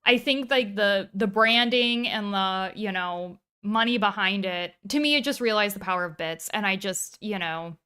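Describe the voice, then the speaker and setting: Bright, smooth-voiced chatty woman streamer. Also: medium pitch, moderate pace, hardly any pauses. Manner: animated, rambling, swears freely. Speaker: streamer and podcast co-host. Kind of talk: casual chat.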